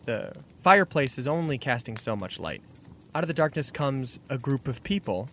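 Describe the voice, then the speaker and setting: A man's voice: mid-range voice, big pitch swings, moderate pace, a bit bright, a little hiss or hum. A man narrating scenes as game master of a tabletop game, in a descriptive, scene-setting manner.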